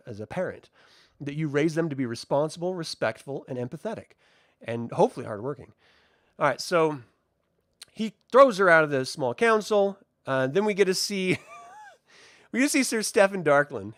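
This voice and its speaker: A man's voice: on the high side, a bit bright, dry recording, studio quality. A young adult man casually reviewing a TV episode, chatty and profane, often losing track of names. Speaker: TV review host.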